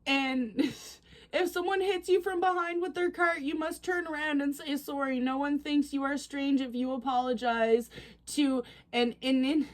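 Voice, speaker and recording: A chatty, excitable woman casually reacting to posts on her vlog, quick to laugh. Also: high voice. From Canada. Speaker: reaction channel host.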